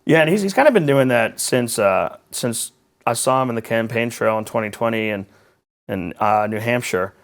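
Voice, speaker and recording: Speaking at normal speed with vocal fry in a mid-range voice, this male political journalist is an interview guest. He's animated and rambling, with sarcastic asides throughout the conversation.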